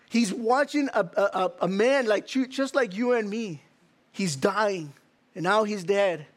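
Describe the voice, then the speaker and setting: A man preaching a sermon, earnest and halting, often restarting and acting out quotes. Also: very high voice.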